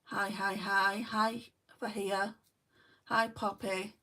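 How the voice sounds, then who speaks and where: A woman with a New Zealand accent talks her way through a makeup livestream, greeting viewers by name and answering their comments in a relaxed, chatty way. Her voice sits in a middle pitch and comes across a little distant from the mic, as if she sits back from a phone or camera indoors at home. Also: takes it slowly. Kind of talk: casual chat reading live comments.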